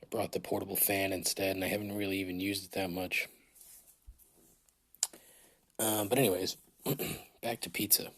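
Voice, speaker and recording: A man's voice: low-pitched, flat delivery, fairly quick, a bit bright. A man hosting a casual solo podcast, rambling and swearing with self-mocking humor, his throat dry, recorded on a phone in a large hotel room. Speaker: podcast host.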